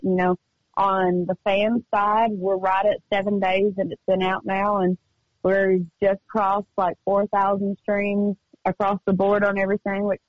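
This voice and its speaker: A woman singer-songwriter chatting as a guest in a radio interview, telling stories in an upbeat, quick way. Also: medium pitch, no room sound, muffled recording. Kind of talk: casual radio interview chat. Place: remote call from home studio.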